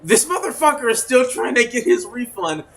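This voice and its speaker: A man's voice: very high-pitched, sing-song, moderate pace, soft background music, rough recording. A man hosting a casual let's play, swearing and laughing as he comments on the game.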